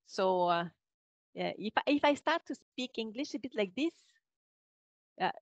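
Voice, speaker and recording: A Canadian woman with a Quebec French accent talks as a podcast guest, choosing her words with fillers and restarts and laughing often. Her voice is medium in pitch. The sound is dry and a little dull. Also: expressive, moderate pace, dry recording. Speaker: guest linguist. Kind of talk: podcast interview.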